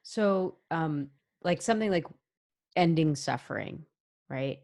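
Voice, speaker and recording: Low-voiced woman hosting an interview. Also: expressive, slow, vocal fry, darkish tone. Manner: affirming, reflective questioner. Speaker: podcast host. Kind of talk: conversational interview.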